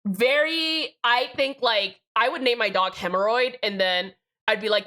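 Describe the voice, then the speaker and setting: A woman's voice: fairly high pitch, measured pace, pushed and bright. A young woman streaming live, rambling and chatting casually with plenty of swearing.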